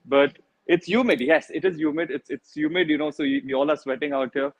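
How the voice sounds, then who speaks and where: A man reporting from the field outdoors, his voice a touch high and dry over a video call. He rambles and circles back to the same points. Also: steady tone, a little fast, dry recording, poor audio. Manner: rambling, repeats himself. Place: outdoors near a cricket ground.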